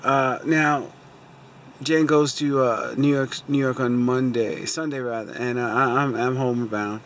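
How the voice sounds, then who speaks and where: Speaking unhurriedly in a medium-pitched, fairly bright voice with fairly even intonation, this man recounts a dealership mix-up from his parked car, with slight background noise. He's a car vlogger airing his grievances, rambling on and leaning on fillers such as "so anyway."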